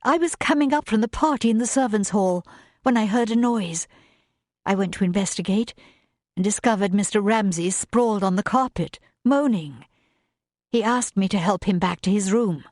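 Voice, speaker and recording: A woman's voice: medium pitch, normal speed, a little mellow, no echo, clean studio sound, voice pushed up, lightly acted. A woman voicing a frightened, earnest young governess who pleads in a raised, distressed voice in an audiobook.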